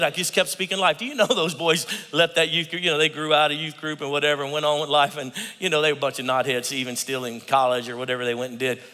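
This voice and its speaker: A man preaching a sermon as pastor, animated, acting out quotes and swinging from hushed tones to shouts. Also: fairly high pitch. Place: church sanctuary. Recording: church hall reverb.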